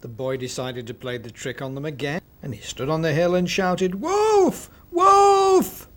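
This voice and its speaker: A man narrating a children's story expressively, with dramatic pauses. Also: mid-range voice.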